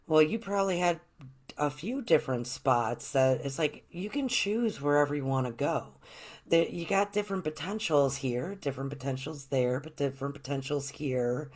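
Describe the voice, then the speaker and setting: Chatty woman hosting an interview. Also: sits low. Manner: earnest and chatty, rambling questions. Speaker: host.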